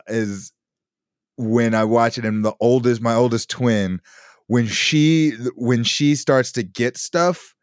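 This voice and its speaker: A man with a middle-pitched voice chats and laughs easily, recorded close with no room sound. He talks in a relaxed, conversational way. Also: dry recording. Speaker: podcast co-host, parent of twins. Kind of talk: casual chat.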